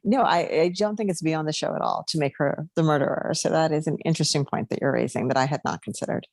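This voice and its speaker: Woman, deep voice, podcast co-host, chatty, laughs a lot, dry recording. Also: fast talker, darkish tone, no room sound. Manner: laughs often, chatty, lots of fillers. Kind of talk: casual chat.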